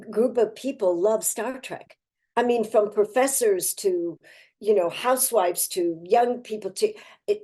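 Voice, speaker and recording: An older actress talking as an interview guest, effusive and heartfelt, chatty with frequent restarts. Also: female voice, medium pitch, dark tone. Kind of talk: casual interview chat.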